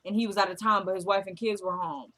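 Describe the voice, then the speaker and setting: A woman sits down to recap a TV episode for her viewers in a relaxed, gossipy way. She tells each scene as a chain of "he's like" and "she goes" in an ordinary mid-range voice. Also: mid-range voice, fast talker. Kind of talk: casual recap vlog.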